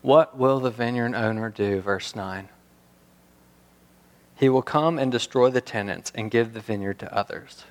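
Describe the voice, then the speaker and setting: A man preaching a sermon, animated and building to emphatic peaks, often restarting his words as he goes. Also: medium pitch, unhurried. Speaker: pastor. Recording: reverberant hall.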